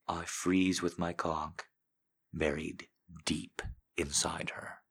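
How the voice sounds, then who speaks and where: Male narrator, very deep voice, hushed and intimate first-person storytelling. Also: level tone, slow, gravelly, breathy edge. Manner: hushed, intimate delivery that often sinks near a whisper. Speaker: audiobook narrator.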